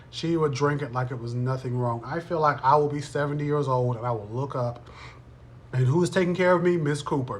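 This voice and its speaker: Man, 30s, live-stream host, playful and chatty, mid-range voice, faint noise behind. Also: medium pitch. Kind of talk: casual live-stream chat.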